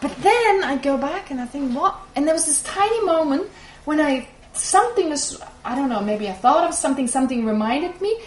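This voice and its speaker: A woman whose first language is German explains ideas to a class in a lively, explanatory way, often laughing. Her voice sits fairly high. The room is echoey, with a faint hiss behind her. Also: a little fast. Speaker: Buddhist teacher. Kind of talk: teaching with audience Q&A. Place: teaching hall with audience.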